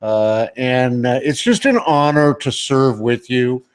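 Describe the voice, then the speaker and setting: A male talk show host wrapping up an interview, with halting, stammering, friendly speech. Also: medium pitch, smooth. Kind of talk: casual radio interview.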